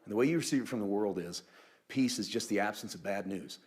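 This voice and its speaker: A man preaches a sermon in a fairly low voice, talking to his congregation like he is chatting with friends. He slips in humorous asides and now and then drops to a near hush for emphasis. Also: quick pace. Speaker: pastor.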